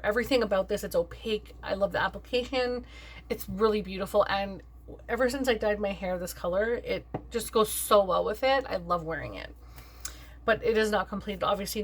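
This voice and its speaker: A young adult woman chats through her makeup collection in a relaxed vlog, her voice sitting at an ordinary middle pitch. She sounds upbeat and talkative, dropping plenty of "like" and "um" as she goes. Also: slight background noise. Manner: chatty and upbeat, with frequent "like" and "um". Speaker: beauty vlogger. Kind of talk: casual makeup review chat.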